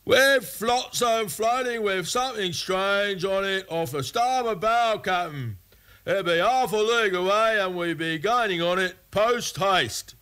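A man voicing an excited young pirate lookout, calling out high and drawn-out from the mast. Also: exaggerated voice. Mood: eager. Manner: high-pitched, stretched-out calling.

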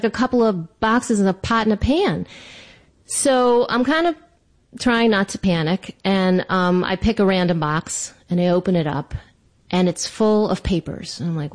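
A woman telling a comic personal story in an animated, self-mocking way. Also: medium pitch.

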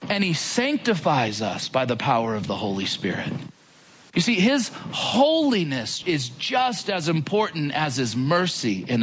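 A man preaching a sermon in an animated, conversational way, full of rhetorical questions. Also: high voice, a little hiss or hum.

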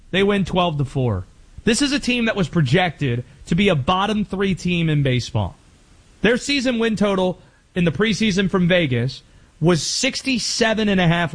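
A man with a high, bright-edged speaking voice hosts sports talk radio from a studio. He rattles off scores and banter with lively energy, throwing in playful bits as he goes. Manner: energetic, joking, slips into playful impressions.

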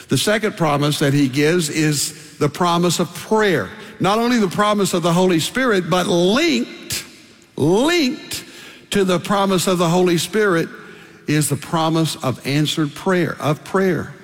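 An older man preaching a sermon as pastor, emphatic and building his points through repeated phrases. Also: sits high. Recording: long reverb of a large hall.

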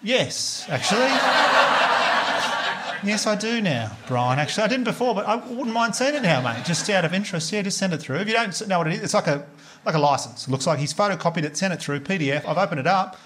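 An Australian man in his thirties tells a stand-up story with a fairly high voice, swearing freely and laughing as he goes. He acts out other people's lines in raised, animated bursts. The recording carries clear background noise. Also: quick pace. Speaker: stand-up comedian.

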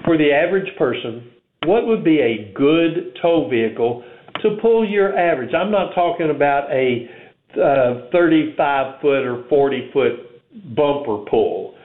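A man's voice: on the high side, animated, measured pace. A man hosting a casual interview, asking easygoing questions with hesitant fillers. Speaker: host. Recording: echoey room over a tinny phone-like line.

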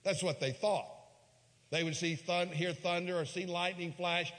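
A man with a slightly high voice preaches a sermon, telling a Bible story with rising emphatic peaks and dropping into quiet, low asides. His voice carries a long reverb, as if it fills a large church sanctuary. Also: fairly even intonation, unhurried. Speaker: pastor.

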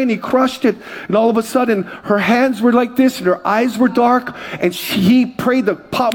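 A man with a high voice delivers a sermon from a church stage. He talks in a conversational way and tells his story with energy. He often corrects himself mid-sentence. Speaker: pastor. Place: church stage before a congregation.

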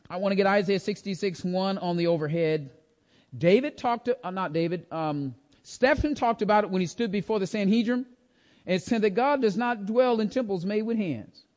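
Sounding guy preaching, high voice, keeps asking the room stuff. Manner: lively and emphatic, asks the congregation questions. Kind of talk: sermon, Bible teaching.

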